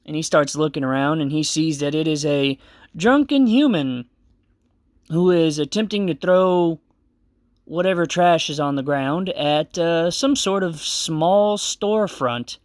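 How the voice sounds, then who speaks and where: A man's voice: on the high side, lively intonation, a little slow, dry recording, clean studio sound. A man narrating a tabletop game as game master, in a casual, rambling way with many fillers.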